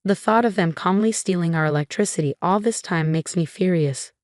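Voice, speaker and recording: Firm annoyed husband in a story, read by a woman, lowish voice, dry sound. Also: brisk, dry recording, lightly acted. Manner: firm, indignant. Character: indignant grown son, firm husband.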